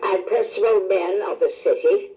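A woman reading scripture aloud in a measured, formal way, calling out verse numbers. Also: medium pitch, highs cut off. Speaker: scripture reader.

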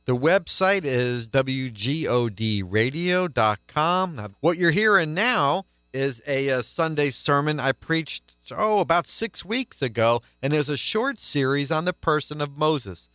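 A man, a pastor, delivering a radio ministry sermon with emphatic, deliberate preaching that repeats key phrases. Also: fairly high pitch, lively intonation, fairly bright tone.

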